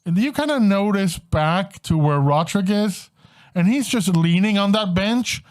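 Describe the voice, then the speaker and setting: High-voiced male game master. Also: expressive, measured pace. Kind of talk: narrating a tabletop game.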